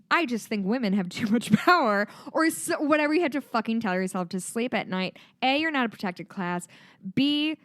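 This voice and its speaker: A woman with a Midwestern American accent co-hosts a podcast, talking in an animated, profane way. Her voice sits at a middling pitch and sounds dry and close. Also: no echo. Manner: animated, swears freely, mocking voices. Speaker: podcast co-host. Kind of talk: casual chat.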